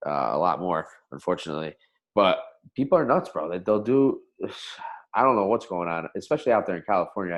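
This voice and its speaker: A man from the US East Coast hosting a casual podcast chat, laid back, asking short questions and laughing along. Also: low-pitched. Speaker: podcast host. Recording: dull lo-fi podcast audio.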